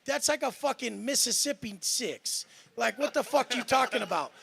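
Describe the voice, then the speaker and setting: Brash, profane man on a panel, high-pitched and heavily gravelly, bright edge to the voice. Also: dry recording. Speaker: panel guest. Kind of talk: heated podcast panel talk.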